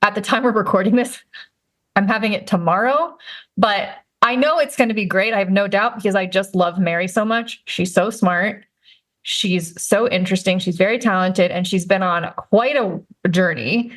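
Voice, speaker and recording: A woman's voice: medium pitch, normal speed. A woman in her thirties, a life and career coach hosting a podcast, talking in a rambling, upbeat way and laughing often. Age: 30s. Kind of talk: chatty podcast talk. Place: recording remotely, not in the same room as her co-host.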